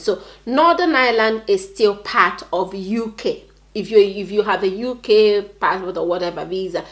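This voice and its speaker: A young woman with a Nigerian accent, telling a personal story time on her vlog, with many fillers and repeated phrases. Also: mid-range voice. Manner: earnest, repetitive storytelling with many "like"s. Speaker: vlogger.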